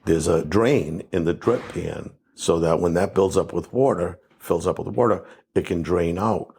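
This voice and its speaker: A man's voice: deep voice, normal speed, gravelly, darkish tone, breathy edge. A man being interviewed as a water damage and mold restoration expert, explaining things step by step in a practical, conversational way.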